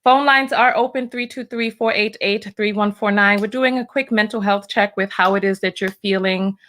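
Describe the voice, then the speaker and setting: A woman's voice: mid-range voice, steady tone, moderate pace, a bit bright. A woman hosting a live call-in show, chatting casually and upbeat with callers. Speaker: radio call-in host.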